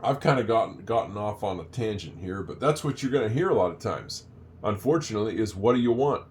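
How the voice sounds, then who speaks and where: An older man talks through a basic English lesson in a somewhat low voice. He chats loosely, wanders off topic and repeats phrases slowly for learners to follow. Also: animated, slight background noise. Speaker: English teacher. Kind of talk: casual spoken lesson.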